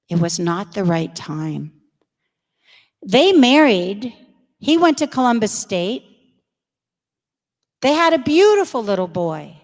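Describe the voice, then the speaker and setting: High-voiced woman in a reverberant church. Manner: direct, storytelling, addresses the crowd. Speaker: religious education speaker. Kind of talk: talk to confirmation students. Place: large church.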